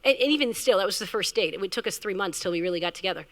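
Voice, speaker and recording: A woman startup founder telling a candid, animated story on stage at a live event, acting out the people she quotes. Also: medium pitch, racing. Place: event venue, amplified on stage. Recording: reverberant event hall.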